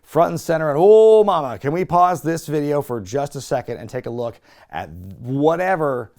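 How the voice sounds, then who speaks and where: A young man hosting a casual wrestling recap, animated and sarcastic, laughing often. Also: medium pitch, normal speed. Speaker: wrestling review host.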